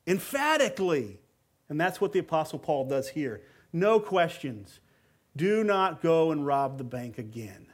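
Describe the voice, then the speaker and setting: A male pastor with a fairly high voice delivering a sermon. He talks to the congregation in a relaxed, conversational way, then leans hard on key words and repeats phrases for emphasis. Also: a little slow.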